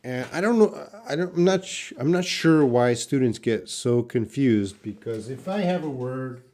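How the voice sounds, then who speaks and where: A man teaching English pronunciation in a live online class, drawing out words slowly and answering questions from the chat. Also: medium pitch, lively intonation, darkish tone, a little hiss or hum. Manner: slow, drawn-out word repetition for learners.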